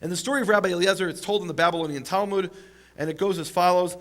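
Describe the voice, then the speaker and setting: A man telling a story in a sermon, animated, acting out the quotes with big jumps in pitch and chuckling along. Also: very fast. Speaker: teacher of the Bible.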